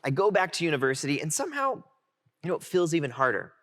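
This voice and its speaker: A man in his twenties giving a heartfelt keynote, telling his own story in an animated way. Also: on the high side, fast. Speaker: keynote speaker. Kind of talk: personal storytelling talk. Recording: music playing underneath.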